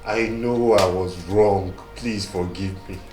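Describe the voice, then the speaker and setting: A man's voice: low voice, steady tone, takes it slowly, a little mellow, faint music behind. A man with a Nigerian English accent acting in a film drama, begging his partner for forgiveness over and over. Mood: pleading. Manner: begging, repetitive and desperate. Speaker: pleading husband.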